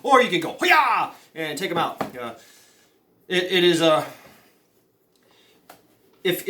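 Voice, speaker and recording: A man giving mock-serious survival advice in a rambling comedy monologue, full of fillers and stammered restarts. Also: on the high side. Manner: rambling, with many fillers, stammered restarts and deadpan conspiracy talk. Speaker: comedy vlogger.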